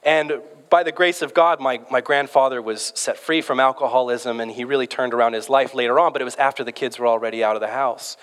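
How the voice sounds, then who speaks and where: A pastor in his thirties preaches a sermon in a conversational, storytelling style, often restarting his words. His mid-range voice is steady in tone, a bit bright, and a little fast with few pauses, and long hall reverb fills the recording.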